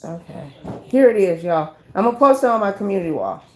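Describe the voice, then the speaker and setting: A woman hosting a casual live stream, chatting with her viewers as "y'all" and reading numbers out slowly. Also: medium pitch, expressive, darkish tone, a little hiss or hum.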